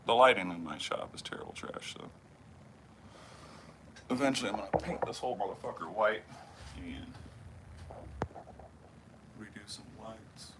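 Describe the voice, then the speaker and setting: Over noisy livestream audio from his home workshop, a knifemaker chats easily with viewers while he works. His voice is lowish with a fairly bright tone, and he swears freely and mumbles as he keeps busy.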